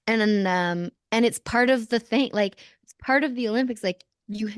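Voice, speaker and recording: Lively laughing woman, dry close sound. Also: a little high, normal speed, no room sound. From Canada. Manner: lively storyteller who laughs often. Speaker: podcast guest, former Olympic snowboarder. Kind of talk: casual conversation.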